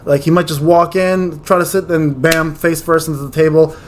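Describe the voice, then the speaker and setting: A man hosting a gaming video, giving casual, rambling, slangy tier-list commentary with jokes and quick restarts. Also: on the high side, little pitch movement.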